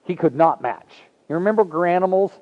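A man's voice: sits high, expressive, fairly quick, phone-quality sound, a little hiss or hum. A man preaching a sermon as a pastor, earnest and conversational, with folksy asides to the congregation.

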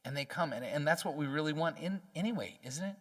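A man preaching a sermon as pastor, emphatic and folksy, acting out quotes in lively voices. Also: a little high, fast talker, in a large hall.

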